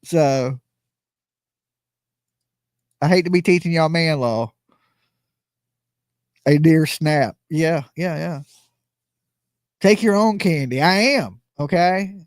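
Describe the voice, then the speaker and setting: A man's voice: a little high, takes it slowly, pauses often, dry recording, studio quality. A man hosting a casual livestream, joking, rambling and laughing often. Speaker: livestream host commenting on a trial.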